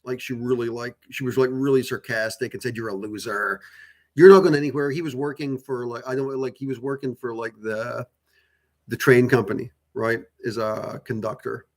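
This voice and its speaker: Delivering in a flat, mid-range voice at normal speed, a man hosts a channel and talks to viewers about spirituality. His long, casual monologue rambles, with many fillers, repeated restarts and casual swearing.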